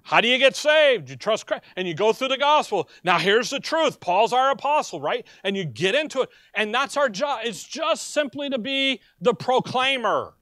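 A man's voice: very high voice, moderate pace, hardly any pauses, no room sound, studio quality. A male pastor preaching a sermon to his congregation, asking them questions and telling personal stories. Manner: animated, asks the congregation questions. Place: church.

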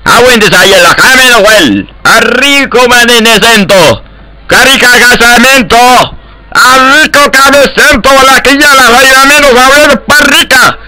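A man voicing a brash, loud male ranch hand who shouts crude outbursts in a game chat. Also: extremely high pitch, normal speed, exaggerated voice, poor audio. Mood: raucous shouting.

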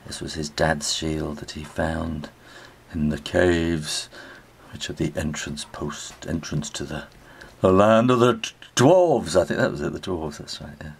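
A man's voice: rumbling low, unhurried, vocal fry, breathy edge. A middle-aged British man giving a chatty spoken drawing tutorial, talking as he draws and often trailing off and restarting. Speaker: illustrator teaching drawing.

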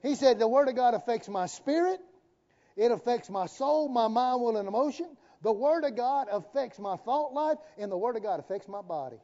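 Preacher guy, high mellow voice, jokey and folksy, dull echoey church stream. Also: expressive, a little fast. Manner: folksy, joking preaching with call-and-response. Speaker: pastor. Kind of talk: sermon. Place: church sanctuary.

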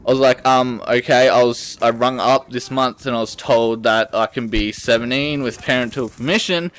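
This gaming channel host is an Australian guy in his late teens whose mid-range voice is smooth and moves at an ordinary pace. He rants casually over his gameplay while telling a story, cursing a lot, staying animated and starting sentences over as he rambles.

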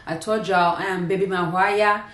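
A woman talks casually to her viewers at home, wandering from one thought to the next in a loose, chatty way. Her voice sits a little low. The room around her has a noticeable echo. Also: steady tone, moderate pace, a bit bright. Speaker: lifestyle vlogger. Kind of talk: casual vlog chat to camera. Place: indoors at home. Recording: echoey room.

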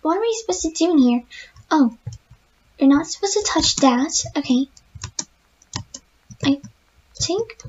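Fluttershy, a woman voicing a very high, timid pony. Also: muffled recording. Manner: jittery, easily spooked, talks to herself. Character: timid, gentle young female pegasus pony. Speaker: let's-play gamer in character. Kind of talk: in-character game commentary.

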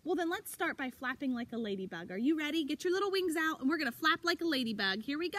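Female preschool teacher with a high voice, upbeat and encouraging with little children, recorded outside. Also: fairly quick, hardly any pauses. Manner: animated, encouraging, speaks to young children. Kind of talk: child-directed circle time lesson. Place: outdoors.

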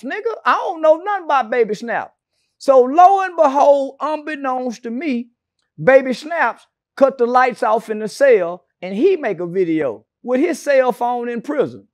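A man's voice: extremely high pitch, dry recording, clean studio sound. A man being interviewed, telling stories in a brash, profane and mocking way with sarcastic asides. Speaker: interview guest. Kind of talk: casual interview storytelling.

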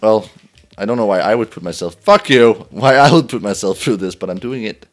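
A man's voice: fairly low pitch, fairly quick. A young man giving let's play commentary, laughing often, swearing and yelping in frustration as he plays. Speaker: gameplay commentator.

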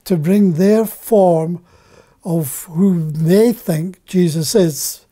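An older man teaches from the Bible at an unhurried, careful pace. His voice is mellow and soft-edged, and he often pauses and repeats a word to stress it. The delivery is that of a preacher. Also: sits high. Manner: deliberate, halting, repeats words for emphasis. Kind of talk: slow spoken Bible teaching.

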